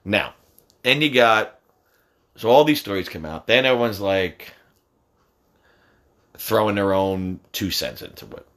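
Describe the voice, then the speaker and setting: A man in his forties chatting about sports with his son, profane and quick to yell. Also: lowish voice, lively intonation. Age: 40s. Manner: loud, profane, jumps to sudden yelling.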